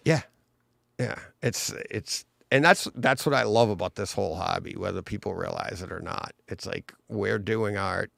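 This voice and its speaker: A man with a low, gravelly voice tells an animated story in a casual podcast chat. He keeps switching into the voices of the people in his story. The sound is dry and close to the mic. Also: dry recording. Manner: animated storyteller who acts out other people's lines.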